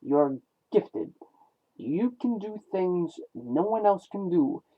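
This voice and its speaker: A gruff, blunt older robot medic grumbles his way through a conversation, read by a man. He talks slowly in a slightly high voice. Everything sounds thin, as if heard over a phone line. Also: animated, exaggerated voice.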